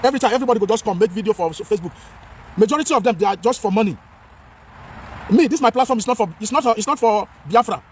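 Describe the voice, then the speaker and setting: A man's voice: sits high, racing, a little hiss or hum. Impassioned Nigerian man vlogging outdoors. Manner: impassioned, repetitive, mixes Pidgin with English. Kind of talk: outdoor talking-head vlog.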